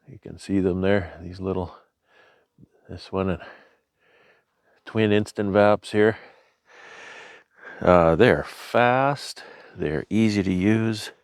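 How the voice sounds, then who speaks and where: Slow and low-voiced, this Canadian-accented man pauses often as he hosts a beekeeping vlog in an easygoing, rambling manner with many fillers and restarts. His tone is clean, with no room sound and studio quality.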